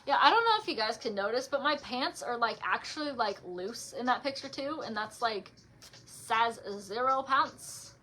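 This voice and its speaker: A young woman chatting casually and reading her own poems aloud on a livestream, with lots of "like" fillers between softer, quieter poem readings. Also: fairly high pitch, animated, moderate pace, faint music behind. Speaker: author reading her poetry.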